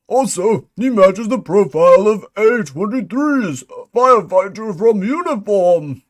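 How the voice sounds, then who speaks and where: A man's voice: sits high, animated, measured pace. A man voicing a male employee number fifty-three, a conspiracy-minded agent giving a theatrical, urgent report. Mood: conspiratorial. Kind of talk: dramatic reading of a mystery log.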